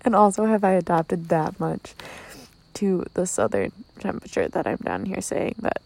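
A woman's voice: fairly low pitch, lively intonation, normal speed, vocal fry, a little mellow. A young woman from Minnesota telling a casual, giggly vlog story, with lots of "like" and "um" fillers. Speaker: vlogger. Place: inside a tent outdoors at night. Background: crickets.

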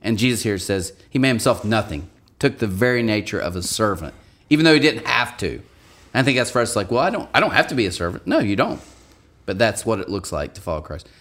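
A man's voice: lowish voice, lively intonation, brisk, a bit bright. A man hosting a podcast in casual chat, laughing easily and turning earnest for a devotional. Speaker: podcast host.

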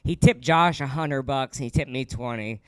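A young adult man, a stand-up comedian, telling a story in casual chat with lots of fillers and quick laughs. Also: mid-range voice, a bit bright, smooth, no room sound, studio quality.

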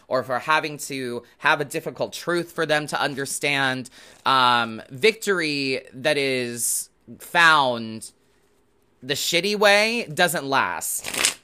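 A man's voice: on the high side, bright, forceful tone, smooth. A man hosting a show, giving a casual, rambling tarot reading to viewers with the odd swear word. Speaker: host and tarot reader.

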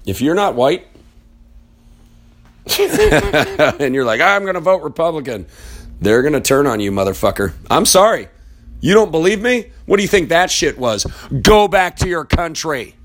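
Man, mid-pitched, ranting at his computer: blunt, angry, swears freely, wanders off mid-thought. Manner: rambling aside while searching online. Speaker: political commentator. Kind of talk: profane political rant.

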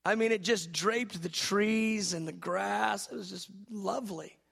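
A man, a pastor preaching a charismatic sermon, swinging from soft musing to shouted preaching. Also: high voice, unhurried, creaky, slightly rough.

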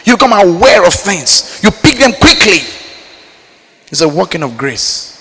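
High, bright-voiced preacher in a reverberant hall. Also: male voice, a little slow, breathy edge. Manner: animated preaching, swinging from loud emphatic lines to low quiet asides. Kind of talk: sermon.

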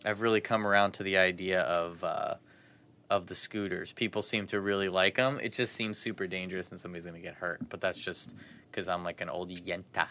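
A man chatting on a local podcast with a very bright, forceful tone and a somewhat low pitch. He rambles through jokey stories. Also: steady tone, a little fast. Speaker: podcast co-host. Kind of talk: casual chat.

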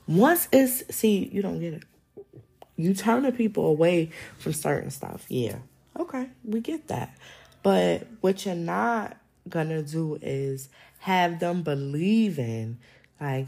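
A woman, holding forth on her podcast. Her voice rises and falls in big animated swings, and she scolds her listeners in a blunt, slangy way. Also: fairly low pitch, slow pace, vocal fry, husky. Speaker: podcast host. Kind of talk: casual opinion monologue.

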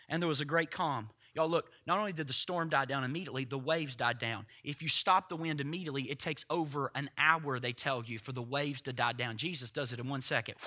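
A pastor preaching in church, with a high, ringing voice and a very bright tone. He talks straight to his congregation in a loose, conversational way. Now and then he bursts into loud, shouted lines. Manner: swings from quiet asides to loud shouted quotes; conversational, addresses congregation directly. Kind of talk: sermon.

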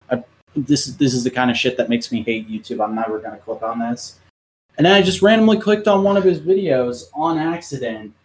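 A man in casual podcast chat, retelling a show in a rambling, profane, animated way with lots of restarts. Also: mid-range voice. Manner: many fillers and restarts.

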